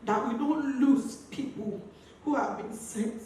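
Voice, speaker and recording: Woman at a memorial, slightly high voice, heard from afar in a reverberant hall with a crowd around. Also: takes it slowly. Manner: impassioned, pleading, swings loud and soft. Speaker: tribute speaker. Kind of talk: emotional tribute speech. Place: event hall. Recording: echoey hall from far off, crowd noise.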